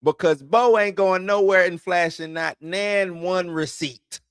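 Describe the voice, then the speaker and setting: A man's voice: high-pitched, a little slow, clear, resonant tone, no room sound, studio quality. A man hosting an entertainment news show in loose, slangy casual commentary, chuckling between points.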